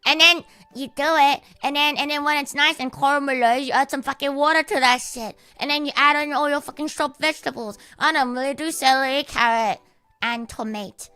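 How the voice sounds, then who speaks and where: A woman's voice: sits high, steady tone, a little fast, pushed and bright, no echo. A young Australian woman livestreaming, chatting casually and swearing constantly, with a cute anime-like voice. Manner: sweary, rambling, laughs often.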